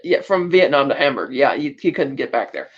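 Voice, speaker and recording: With a bass voice that's very animated and brisk, a female podcast co-host retells a movie's plot on a lo-fi recording. Her casual recap is chatty, full of quoted character lines and laughter.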